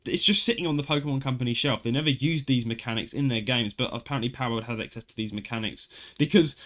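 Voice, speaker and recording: A man's voice: mid-range voice, fast, a bit bright. A man co-hosting a podcast, chatting casually and talking over his co-host. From United Kingdom. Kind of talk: casual chat.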